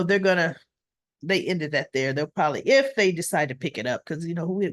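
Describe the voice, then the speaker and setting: A woman's voice: on the low side, dry recording, studio quality. Chatty woman recapping a soap episode. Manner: retells scenes by voicing characters' lines in paraphrase; chatty, with frequent fillers and restarts. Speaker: soap opera recap vlogger. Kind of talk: casual spoken recap.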